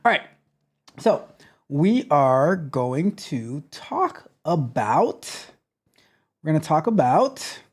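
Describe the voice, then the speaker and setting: A man's voice: on the high side, big pitch swings, slow, husky. A man hosting a tech livestream who reads chat aloud in a theatrical, sarcastic way, full of playful mock outrage. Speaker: host.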